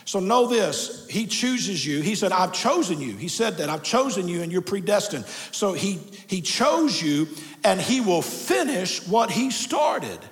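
A middle-aged male pastor, preaching a sermon that moves from quiet storytelling to shouted preaching. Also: sits high, big pitch swings, a little slow. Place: church sanctuary. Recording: reverberant church sanctuary.

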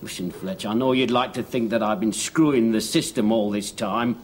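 An actor playing a frail old Northern convict. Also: male voice, fairly low pitch, fairly even intonation, normal speed, close to an everyday voice. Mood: gloomy. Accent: Northern English. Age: older. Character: frail elderly male convict, weary and wry. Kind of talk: 1970s TV sitcom acting.

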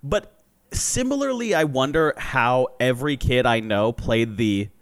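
A young man chatting casually on a podcast, rambling through childhood stories with quick laughs. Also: medium pitch, lively intonation, no echo. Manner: rambling storytelling with acted quotes and laughs. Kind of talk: casual chat.

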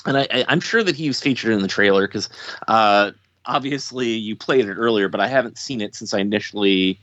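A man's voice: fairly low pitch, brisk, a bit bright, dry recording. Dull-sounding hesitant man, dry lo-fi. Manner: thoughtful, hesitant, many ums and uhs. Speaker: podcast host. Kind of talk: casual chat.

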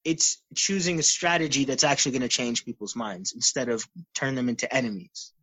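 A man's voice: medium pitch, animated, brisk, sharp tone. A young man telling stories in a casual, earnest talk, acting out the quoted exchanges. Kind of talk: casual conversational storytelling.

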